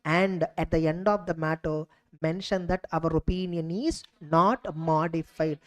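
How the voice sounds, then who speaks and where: Emphatic Indian tutor with high voice. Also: male voice, fairly even intonation, a little slow, low-quality recording. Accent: Indian English. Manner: emphatic, repeats key points, asks rhetorical questions. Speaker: exam coaching tutor. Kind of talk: recorded revision lecture.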